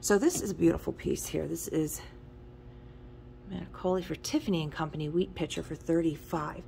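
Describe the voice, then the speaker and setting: Middle-aged woman shop owner, casual walkthrough, slightly low voice, wanders off on tangents. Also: brisk, vocal fry, warm tone, a little hiss or hum. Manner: chatty, rambling asides between price callouts. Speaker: antique shop owner giving a tour. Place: antique shop indoors.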